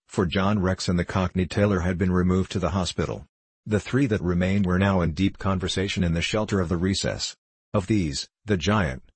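Deep husky male audiobook narrator. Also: no echo. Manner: steady, measured reading.

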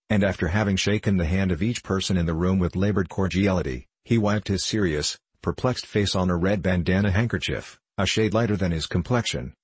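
A man reads a story aloud in a measured, formal manner. His voice sits very low with a husky grain, and the recording is close and dry with no room sound. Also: no echo. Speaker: narrator. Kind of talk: audiobook narration.

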